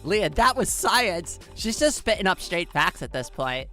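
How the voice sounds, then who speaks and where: A woman's voice: on the low side, very animated, unhurried, pushed and bright, faint music behind. A woman streamer chatting casually with her viewers, giggly and playful, often laughing at herself. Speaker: live streamer.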